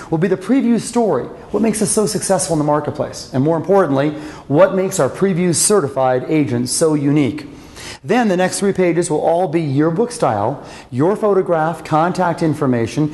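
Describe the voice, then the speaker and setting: A man's voice: fairly high pitch, darkish tone. Enthusiastic male executive in a reverberant hall. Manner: enthusiastic, promotional. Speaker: company executive presenter. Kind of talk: scripted corporate presentation.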